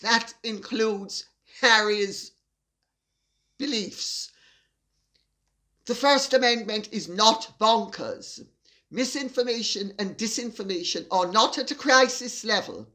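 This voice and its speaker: Older woman commentator, indignant, emphatic, unhurried delivery. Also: on the high side, pushed and bright. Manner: indignant, emphatic, deliberate with drawn-out stresses. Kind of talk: opinion monologue to camera.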